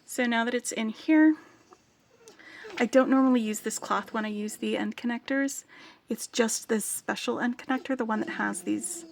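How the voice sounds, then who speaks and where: A woman vlogger talking casually through a jewelry-making project, soft-spoken and often dropping to a whisper as she works. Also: on the high side, moderate pace, gravelly, a little hiss or hum. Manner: sings playfully to her dog. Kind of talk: casual crafting talk while working.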